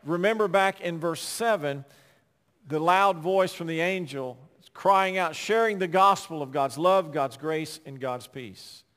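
A man pastor preaching a sermon, swinging between loud emphatic passages and quiet, conversational asides. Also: fairly high pitch, a little slow, long reverb tail.

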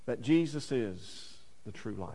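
A man preaching a sermon as pastor, swinging between loud urgent lines and hushed quiet ones. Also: medium pitch, lively intonation, measured pace, big-room sound. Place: church sanctuary.

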